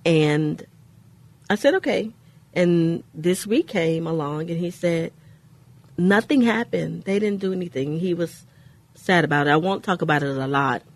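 A woman co-hosting a faith-based radio talk show, telling a personal story in an earnest way with pauses. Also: low-pitched.

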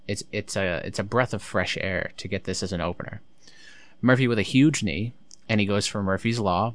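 A man's voice: fairly low pitch, no room sound. A man recapping a wrestling show in casual commentary, blunt, sarcastic and swearing freely.

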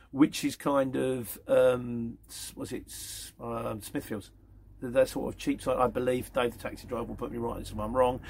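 Gravelly chatty man. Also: medium pitch. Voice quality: gravelly, husky. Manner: rambling, chatty, plain-spoken. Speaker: van courier channel host. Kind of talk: casual viewer Q&A.

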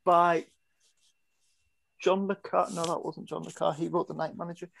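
A contestant on a casual quiz podcast, answering in a measured, slightly unsure way. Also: mid-range voice, level tone, creaky, a bit bright.

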